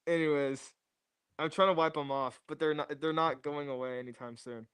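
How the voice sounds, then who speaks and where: A man's voice: a little high, fairly even intonation, moderate pace, a bit bright, clear, resonant tone, no echo, clean studio sound. A young man rambling and joking to his chat during a casual livestream, repeating catchphrases on a new mic. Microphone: new streaming mic.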